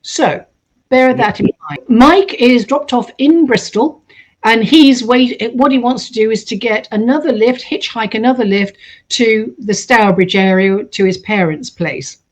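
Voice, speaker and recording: Female host narrating a true story in a casual tone, with a slightly high voice, acting out the quoted voices. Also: a little slow. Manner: animated, acts out quoted voices.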